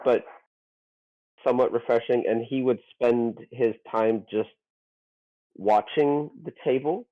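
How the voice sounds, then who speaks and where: A man's voice: medium pitch, takes it slowly, pauses often, phone-quality sound. A man playing a tabletop game, describing his character casually and a little hesitantly. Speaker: player. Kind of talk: tabletop role-play.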